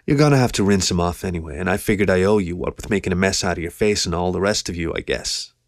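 A brash, cocky male dog who talks in a slow honeyed drawl, as a male reader puts him on. The voice sits low and sounds close and dry, like a storybook read right into the mic. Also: vocal fry, no room sound. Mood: smug.

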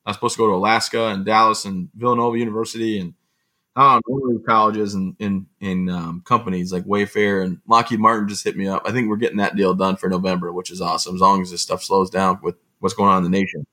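Bright-voiced man telling stories. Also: low voice, fast talker. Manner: lively, self-mocking, often laughing and acting out quotes. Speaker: guest, motivational speaker. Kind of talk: casual anecdotal storytelling.

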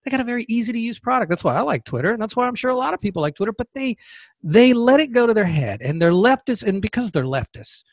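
A man's voice: extremely high pitch, sing-song, quick pace, no room sound. A man hosting a podcast, giving sarcastic, combative political commentary into a close mic. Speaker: podcast host.

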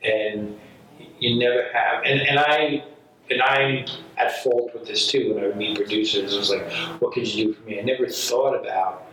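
A man's voice: fairly low pitch, normal speed, distant mic. A man from New York, a working actor, chatting casually and telling stories full of acted-out quotes. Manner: rambling, animated storyteller, acts out quotes. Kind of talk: casual conversation. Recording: echoey room from off mic, faint ambience.

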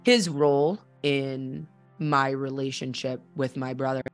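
A woman's voice: very deep voice, fairly even intonation, unhurried, faint music behind. A woman hosting a personal storytelling podcast, talking candidly and conversationally with frequent fillers. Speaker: podcast host.

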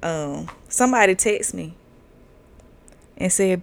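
A woman's voice: on the low side, measured pace, vocal fry, smooth, no echo. A woman in her thirties hosting a casual podcast monologue, candid and profane, laughing often and drifting through fillers. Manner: loose drawling delivery with fillers. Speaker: podcast host.

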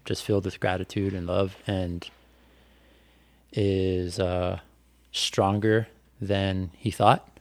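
Gravelly low-voiced man telling a story. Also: darkish tone, no room sound. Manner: candid, reflective storytelling with many fillers. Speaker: endurance bike racer. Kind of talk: casual podcast conversation.

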